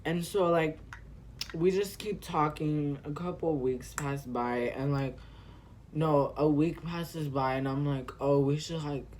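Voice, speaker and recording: A man's voice: fairly high pitch, fairly even intonation, takes it slowly, a little mellow, a little hiss or hum. A teenage man from California, telling a rambling story full of profanity while doing his makeup on camera. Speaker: vlogger.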